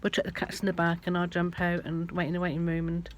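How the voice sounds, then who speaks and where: A woman's voice: fairly low pitch, monotone, fast. A woman vlogging casually to camera from her van, chatty and rambling. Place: in and around a van. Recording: loud vehicle noise.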